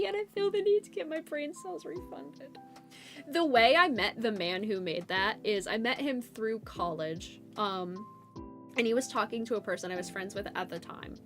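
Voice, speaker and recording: A young woman with a fairly high voice tells a story casually to her stream chat. She laughs often and jumps from loud, excited bursts to mumbled asides. Faint music plays underneath. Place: home streaming setup. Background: faint background music.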